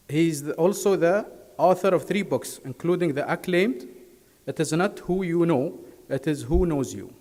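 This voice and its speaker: A man hosting a corporate event, reading a formal, measured introduction of the speaker. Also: fairly high pitch, darkish tone. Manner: reads formally, careful and measured. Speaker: event host. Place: large conference hall. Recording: reverberant hall sound.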